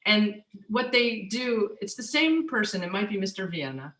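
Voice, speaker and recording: A woman's voice: medium pitch, very animated, unhurried, a bit bright, roomy sound, rough recording. A woman chef and author talking casually as a guest, joking, laughing often and trailing off into restarts. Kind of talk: casual conversation on stage.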